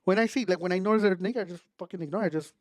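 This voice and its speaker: A man cohosting a podcast, with a fairly high pitch and a rapid pace. He debates his friend in casual, profane banter. The recording is dry and close. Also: no echo. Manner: argumentative, peppers speech with "güey". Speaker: podcast co-host. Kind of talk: casual chat.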